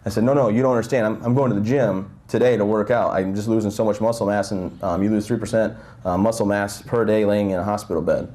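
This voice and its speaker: Fast-talking man telling stories to a crowd. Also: lowish voice, fairly even intonation, a little mellow. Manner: joking, conversational storytelling with many fillers. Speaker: guest speaker. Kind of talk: motivational talk to an audience. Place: breakfast event hall. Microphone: handheld mic held close, audible nose breathing.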